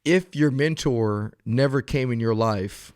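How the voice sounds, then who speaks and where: A man's voice: medium pitch, a little slow, darkish tone, no echo, clean studio sound. Earnest man hosting an interview. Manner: earnest, encouraging, asks long questions. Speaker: podcast host and police officer. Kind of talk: interview and reflective talk.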